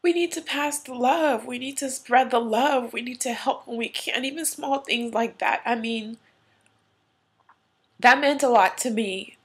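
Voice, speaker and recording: A woman's voice: a little high, measured pace, slightly rough. A woman vlogger earnestly telling a personal story, tearful at times, in a casual, heartfelt way. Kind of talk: emotional personal story to camera.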